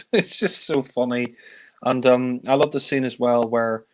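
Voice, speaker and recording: A man chats through a film review in a loose, rambling way. He leans on fillers and laughs under his breath as he goes. His voice sits at an ordinary middle pitch. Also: fairly even intonation, slow, a little hiss or hum. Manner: rambling, full of fillers and chuckles. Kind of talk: casual film review chat.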